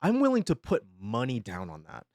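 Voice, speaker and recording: Lively, swearing young male streamer. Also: mid-range voice, brisk, no echo, studio quality. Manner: animated and rambling, swears freely, laughs often. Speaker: live streamer. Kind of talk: casual live-stream chat.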